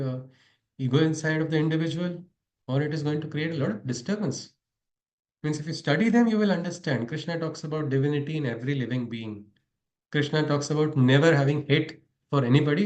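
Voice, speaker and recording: A man giving a spiritual lesson, telling stories, often chuckling and asking his audience questions. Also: a little high. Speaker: spiritual teacher. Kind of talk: storytelling spiritual lecture. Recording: echoey room.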